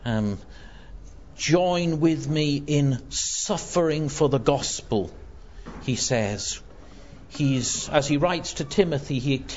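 A man's voice: fairly high pitch, darkish tone. A man preaching a sermon, earnest and emphatic, pressing his points with rising intensity as he quotes scripture. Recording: dull lo-fi sound.

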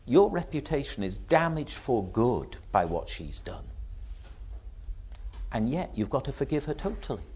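A man preaching a sermon, acting out the voices he quotes with lively rises and drops in pitch. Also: measured pace, slightly rough, muffled recording.

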